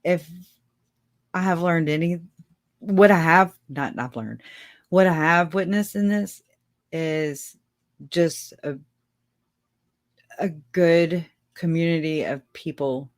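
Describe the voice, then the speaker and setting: A woman's voice: fairly low pitch, slow, pauses often. A woman hosting a casual livestream, rambling and chatty, laughing often and talking straight to her viewers. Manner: speaks to viewers directly. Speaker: livestream host.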